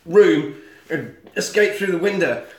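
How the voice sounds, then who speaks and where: A man's voice: on the high side, expressive, measured pace. Man retelling a film plot. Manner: storytelling, breaks into silly voices. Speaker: podcast co-host. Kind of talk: casual chat recapping a film. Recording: roomy echo.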